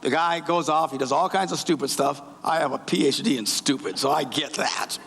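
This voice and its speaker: A man preaching a sermon as pastor in a church, telling a story in an animated way and acting out its voices. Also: a little high, brisk, gravelly, slight background noise. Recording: reverberant church hall.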